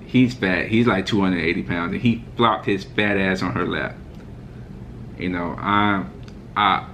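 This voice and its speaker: A man's voice: low voice, a bit bright, a little hiss or hum. A man vlogging a heated, mocking sports reaction rant. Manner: mocking, fired-up ranting.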